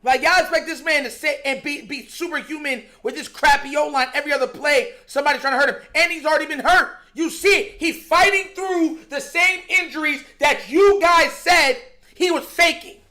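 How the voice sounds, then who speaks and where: A high, bright voice carries this sports talk show host through an exasperated rant. The delivery is animated and slangy, mocking the other side and breaking into laughter between points. The voice stays sharp and forceful throughout. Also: moderate pace.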